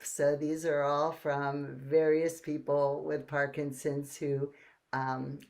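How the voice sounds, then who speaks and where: A woman leading a therapy choir on a video call, giving slow, clear, encouraging instructions for speech and breathing exercises. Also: deep voice.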